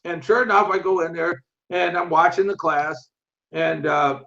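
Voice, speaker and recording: A man's voice: on the high side, fairly even intonation, normal speed, fairly bright tone. A man in his sixties, an interview guest and martial arts instructor, telling stories bluntly with a lot of profanity. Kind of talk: storytelling in an interview. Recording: dull lo-fi audio.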